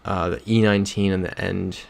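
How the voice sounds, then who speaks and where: Young male streamer with a low, gravelly voice, chatty and rambling between game rounds. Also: level tone, a little fast. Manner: rambling storyteller who reads chat comments aloud. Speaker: livestreamer. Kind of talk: casual chat while playing a geography game.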